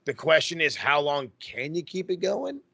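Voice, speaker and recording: A man co-hosting a wrestling podcast, talking in a rambling, profane, excitable way. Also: a little high, moderate pace, gravelly, slightly rough, dry recording. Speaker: podcast co-host. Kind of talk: casual chat.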